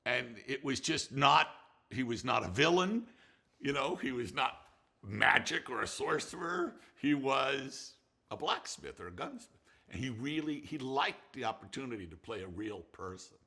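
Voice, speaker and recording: Reminiscing in an interview, an older film director spins rambling tales, restarting frequently, laughing and swearing now and then. His mid-range voice has lively intonation, a moderate pace, vocal fry, and a sharp, slightly rough tone.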